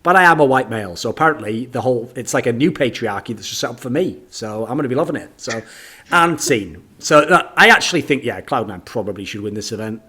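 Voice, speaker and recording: A man's voice: medium pitch, lively intonation, fast talker, few pauses, bright, forceful tone, husky. Bantering British man. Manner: sardonic, swearing banter with bursts of laughter. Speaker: podcast co-host. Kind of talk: casual podcast chat.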